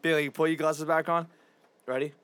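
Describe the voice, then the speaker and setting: A man's voice: a little high, little pitch movement, normal speed, a bit bright, clear, resonant tone, no room sound. A young man hosting a podcast, chatting casually with friends in a profane, joking way. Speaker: podcast host. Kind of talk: casual chat among friends.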